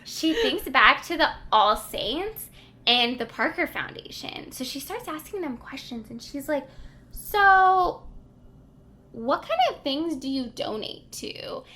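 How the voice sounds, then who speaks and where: Bright high-voiced woman recapping a book. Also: big pitch swings, unhurried. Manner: retells the plot, acting out the characters' lines. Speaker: book podcast co-host. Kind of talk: casual book recap chat.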